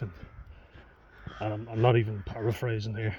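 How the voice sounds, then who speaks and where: Young man, low voice, frank and sweary. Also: little pitch movement, normal speed, a crowd in the background. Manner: rambling, sweary and frank, with nervous laughs. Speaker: vlogger. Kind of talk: candid confessional vlog talk. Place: outdoors in the countryside among farm animals. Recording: dull outdoor recording with background noise.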